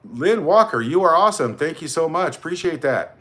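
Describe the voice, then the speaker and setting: A man's voice: fairly high pitch, animated, a little fast, a bit bright. Chatty man hosting a livestream. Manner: chatty, rambling, greets viewers by name. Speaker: livestream host. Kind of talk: casual livestream chat, reading out viewer comments.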